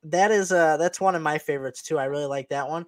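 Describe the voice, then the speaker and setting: A man's voice: a little high, fast talker, no room sound. Playful man chatting on a podcast. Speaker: podcast co-host. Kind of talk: casual chat.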